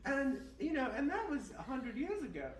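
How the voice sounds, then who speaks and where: A woman leading an absurd, deadpan guided meditation and chatting with the host at a live bookstore event. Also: high-pitched, normal speed. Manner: deadpan absurdist, rambling with fillers. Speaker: guest performer. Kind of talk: comic improvised guided meditation and chat. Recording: roomy and distant, faint background noise.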